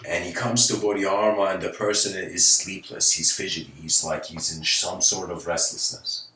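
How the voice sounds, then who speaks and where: A man's voice: low-pitched, steady tone, moderate pace, sharp tone, recorded from a distance. A man giving a casual, live-streamed spiritual talk, searching for words and laughing between thoughts. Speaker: spiritual speaker. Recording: roomy sound from away from the mic.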